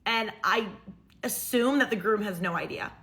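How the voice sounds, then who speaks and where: Young woman, chatty storyteller, animated, dramatic pauses, bright tone. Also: mid-range voice. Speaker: storytime creator. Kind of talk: casual storytime while doing makeup.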